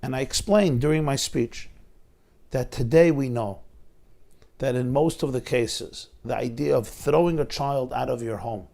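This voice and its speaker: A middle-aged rabbi delivers a sermon as a heartfelt story, his voice carrying a gravelly edge. He acts out the dialogue, climbing to dramatic peaks and dropping to quiet lows, at a pitch typical for a man. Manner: dramatic, retells dialogue with rising intensity. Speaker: rabbi lecturer.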